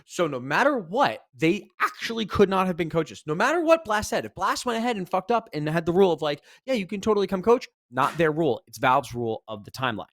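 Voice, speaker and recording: Male podcast co-host, slightly high voice, dry close sound, animated and exasperated storyteller. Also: fairly quick, few pauses, dry recording. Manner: animated storytelling, swings loud when exasperated, swears freely. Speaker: podcast co-host, esports commentator. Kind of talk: casual podcast chat.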